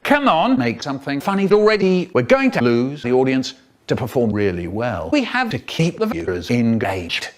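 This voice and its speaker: A man's voice: wildly swooping pitch, moderate pace. A man doing a rambling old storyteller poet. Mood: absurd. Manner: rambling nonsense anecdotes, sudden pitch jumps. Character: impression of an elderly male children's poet, storyteller. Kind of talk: parody storytelling.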